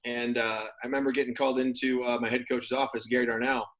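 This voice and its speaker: A man talks in a relaxed, meandering way as an interview guest, leaning on plenty of fillers. His pitch sits in the middle range, and he keeps an easygoing conversational pace. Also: quick pace, poor audio. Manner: relaxed, rambling with many fillers. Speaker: former pro football player, guest. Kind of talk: casual interview.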